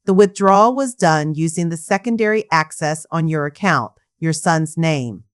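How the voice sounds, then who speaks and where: A woman's voice: sits low, normal speed, clear, resonant tone, natural voice. A woman reading a formal male bank officer. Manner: professional, cold.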